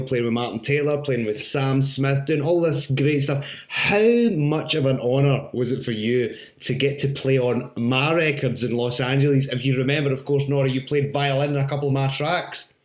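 A man's voice: mid-range voice, steady tone, normal speed, few pauses, darkish tone. Dry-joking male podcast host. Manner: dry teasing humour. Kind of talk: casual podcast interview. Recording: echoey room.

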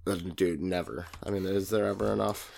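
A man's voice: sits low, steady tone, a little fast, creaky, darkish tone. A man co-hosting a podcast, chatting casually and cutting in with hesitant, jokey remarks. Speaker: podcast co-host. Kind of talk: casual chat.

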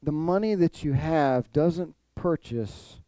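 Man, preacher, sermon, animated, repeats phrases, dry sound. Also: fairly high pitch, slow pace, smooth, no echo. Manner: animated, acts out quoted voices, repeats phrases. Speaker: pastor.

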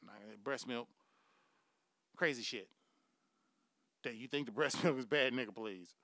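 A man's voice: mid-range voice, normal speed, bright, forceful tone, no room sound, clean studio sound. A man hosting his own podcast, delivering a profane comic monologue and laughing at his own jokes. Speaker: podcast host.

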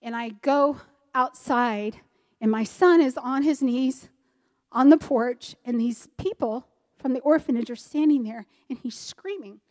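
A woman from the United States, around her forties, with a high, light voice. She tells her personal testimony earnestly and vividly, recounting events as she lived them. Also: a little slow, a little mellow, big-room sound. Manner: earnest, vivid retelling that acts out dialogue. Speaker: speaker giving a personal testimony. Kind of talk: emotional storytelling testimony.

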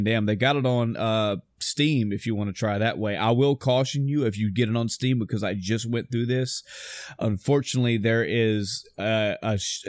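A man's voice: fairly low pitch, dry recording, studio quality. A man talking casually about a video game, swearing often and rambling with enthusiasm. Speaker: podcast host reviewing a video game. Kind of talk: casual chat.

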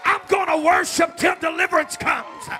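A man pastor delivering a sermon in a folksy way that rises into shouted preaching. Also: very high voice, steady tone, normal speed, soft background music, some chatter behind.

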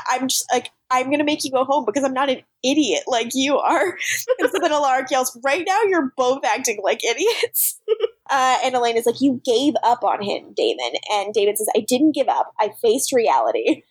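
A woman's voice: high-pitched, no room sound. Laughing woman recapping a show. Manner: animated, laughing often, acts out quoted lines. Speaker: podcast co-host recapping episodes. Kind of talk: casual chat.

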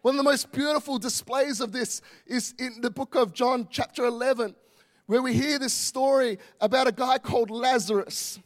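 A man's voice: extremely high pitch, normal speed. A male pastor, preaching a passionate, emphatic sermon full of repetition.

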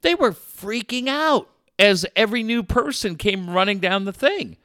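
A middle-aged man hosting a sports talk radio show, telling a rambling, animated story with many restarts. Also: sits high, moderate pace, dry recording, clean studio sound. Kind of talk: casual talk radio chat.

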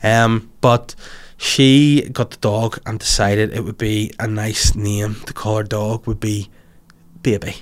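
A man's voice: fairly low pitch, level tone, slow. A young man with a Northern Irish accent, hosting a podcast and telling a rambling, crude story in casual chat. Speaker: podcast host.

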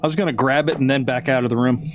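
A man's voice: mid-range voice, steady tone, rapid-fire. A man playing in a tabletop game over a video call, thinking aloud with restarts and some blunt swearing. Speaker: player. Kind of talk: casual tabletop game chat.

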